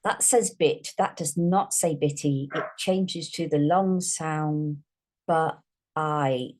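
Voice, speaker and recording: A woman giving a phonics lesson, slowly sounding out and stretching each word for young readers. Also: sits low, fairly even intonation, darkish tone. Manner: slow, drawn-out sounding out of words. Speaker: teacher.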